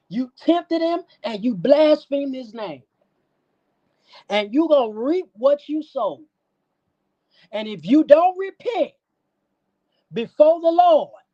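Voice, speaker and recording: A woman's voice: high voice, warm tone. Woman preaching and scolding on a stream. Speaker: stream host. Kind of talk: livestream call-out rant. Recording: dull lo-fi stream audio.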